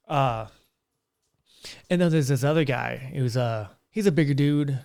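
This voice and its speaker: A man's voice: mid-range voice, moderate pace, gravelly, pauses often, darkish tone, clear, resonant tone. A young man hosting a casual solo podcast from a small curtained room, telling stories in a rambling way with frequent restarts. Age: young adult. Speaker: podcast host.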